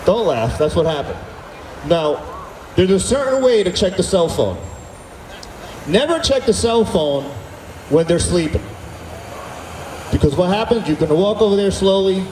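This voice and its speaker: Male stand-up comic, higher voice, booming through an outdoor PA from far off. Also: slight background noise. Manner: animated storytelling, acting out dialogue with the crowd. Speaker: stand-up comedian. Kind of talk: stand-up comedy at an outdoor concert. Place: outdoor stage at a summer concert. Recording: echoey outdoor PA sound from far off.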